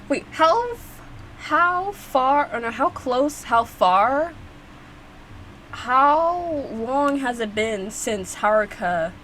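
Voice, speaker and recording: A woman's voice: mid-range voice, a bit bright, a little hiss or hum, rough recording. A young woman hosting a reaction video, talking casually and rambling with lots of fillers and restarts. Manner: chatty, rambling, frequent fillers and restarts, laughs often.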